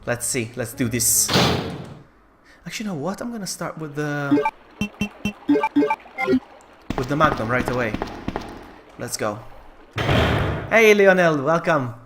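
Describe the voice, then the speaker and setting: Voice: mid-range voice, lively intonation, a little slow, pauses often, over loud music. A game streamer giving casual, jokey live commentary while playing. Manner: chatty, jokey, cries out in alarm.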